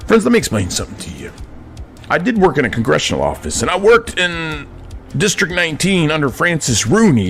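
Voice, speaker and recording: A man, a veteran, delivering a preachy, indignant monologue to his viewers, calling them friends, swinging between quiet asides and outbursts. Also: a little high. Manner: addresses listeners as friends constantly, indignant, swings between soft and shouting. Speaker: veteran vlogger.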